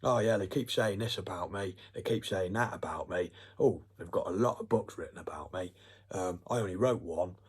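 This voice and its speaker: A man's voice: low voice, moderate pace, slightly rough. A man doing a smug bragging dictator.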